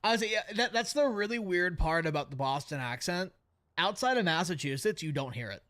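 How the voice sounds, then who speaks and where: A man chatting casually while streaming a baseball video game, with a New York accent and a habit of swearing and reacting loudly to plays. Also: sits high, expressive, fairly quick. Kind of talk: casual gaming stream chat.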